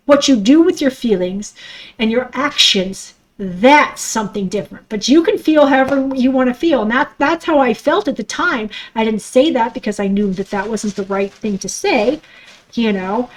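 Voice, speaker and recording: Middle-aged woman, podcast host, personal monologue, raw and emotional, swears a lot, stuffy nose, slightly high voice. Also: normal speed, rough recording. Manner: raw, emotional, swears freely, acts out quoted thoughts.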